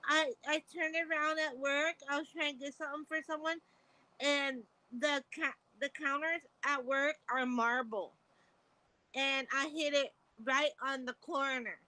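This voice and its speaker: A woman's voice: high-pitched, fairly even intonation, unhurried, bright, forceful tone, no room sound. A middle-aged woman chatting on a video call, telling rambling stories with frequent laughter and casual swearing. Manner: rambling, laughing storyteller who swears freely. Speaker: guest caller on a live stream. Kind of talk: casual chat.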